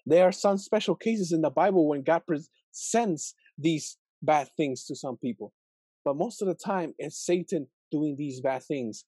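Young male host, casual scripture musing, slightly high mellow voice, dry close sound. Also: measured pace, slightly rough, no room sound. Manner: thinking aloud, many fillers and rhetorical questions. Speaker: video host reflecting on scripture. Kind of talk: casual Bible reflection video.

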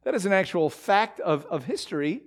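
A man giving a sermon-style Bible teaching, halting with many fillers and restarts. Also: sits high, animated.

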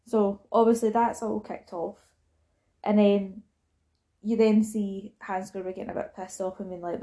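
A woman's voice: mid-range voice, little pitch movement, moderate pace, warm tone. A young Scottish woman chatting casually about a film, acting out the characters' lines as she retells scenes.

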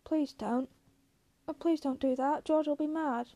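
A woman reading aloud, voicing a big, simple-minded, gentle man who talks in a plain folksy drawl and pleads like a child. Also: high voice, fairly even intonation, a little slow, no echo. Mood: pleading.

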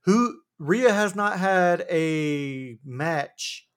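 A man co-hosting a casual wrestling recap podcast, talking in a rambling, animated way with frequent restarts. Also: a little high, very slow, clear, resonant tone. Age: adult with a wife. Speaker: podcast co-host.

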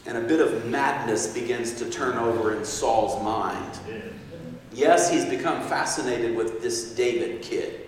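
A man's voice: mid-range voice, a little slow, a little hiss or hum. A man preaching a sermon, telling a story with acted-out quotes and frequent chuckles. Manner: animated, acts out quotes, chuckles often. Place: large echoey hall. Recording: distant mic in echoey hall.

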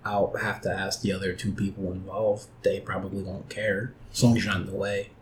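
A man's voice: sits low, level tone, a little fast, slight background noise. A man chatting casually on a podcast, giving dry, offbeat replies. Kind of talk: casual chat.

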